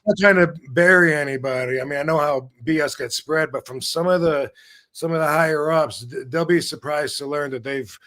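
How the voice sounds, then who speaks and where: A middle-aged man hosting a live stream from a video call, his voice pitched a little higher than most men's. He rambles in animated bursts, restarting and cursing casually, like a loose, unscripted chat between friends. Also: normal speed. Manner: rambling, animated, swears freely. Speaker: show host. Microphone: video call setup.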